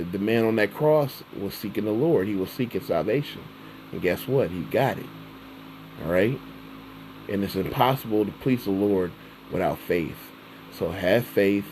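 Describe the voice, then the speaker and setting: A man giving an informal sermon, reading scripture slowly and then retelling it in everyday words, often checking in with "all right?". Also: fairly low pitch, a little mellow, slight background noise, low-quality recording. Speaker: preacher.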